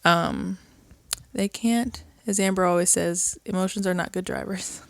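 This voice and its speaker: A woman's voice: mid-range voice, fairly even intonation, unhurried, gravelly, no room sound. A woman co-hosting a podcast, talking openly and casually about feelings and playing out little remembered exchanges. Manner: open and emotional, acts out little quoted exchanges. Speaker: podcast co-host. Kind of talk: casual chat.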